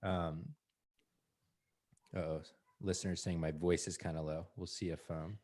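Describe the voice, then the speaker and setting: A man's voice: deep voice, little pitch movement, measured pace, a little mellow. A man co-hosting a podcast in casual conversation, earnest and acting out his own inner voice. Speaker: podcast co-host.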